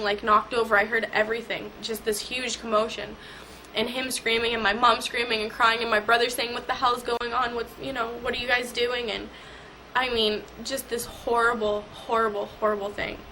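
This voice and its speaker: A young woman telling an emotional personal story in an interview, halting and repeating herself. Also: fairly high pitch, pushed and bright, a little hiss or hum, rough recording.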